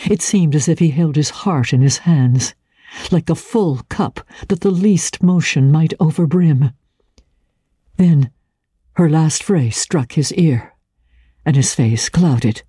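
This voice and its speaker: Woman narrator, dramatic reading of a classic novel, slow and measured, mellow, dry studio sound. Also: deep voice, breathy edge, dry recording. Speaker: reader.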